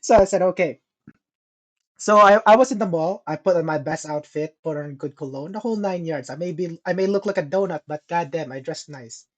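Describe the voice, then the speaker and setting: A young man co-hosting a podcast tells a story in casual chat, animated and profane, laughing and swearing a lot. His voice is fairly high and fairly quick.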